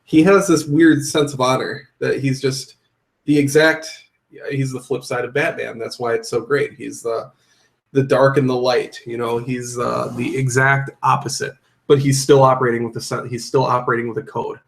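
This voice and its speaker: A man in relaxed podcast talk who turns an idea over and circles back to his main point again and again. His voice is of ordinary pitch, easygoing and thoughtful. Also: moderate pace, vocal fry. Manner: reflective, repeats his point for emphasis. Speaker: podcast co-host. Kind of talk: casual chat.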